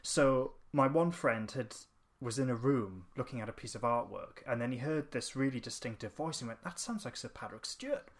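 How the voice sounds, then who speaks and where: A man's voice: medium pitch, normal speed, hardly any pauses. Chatty man telling an anecdote. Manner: rambling anecdote with fillers and restarts. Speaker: podcast co-host. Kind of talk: casual chat.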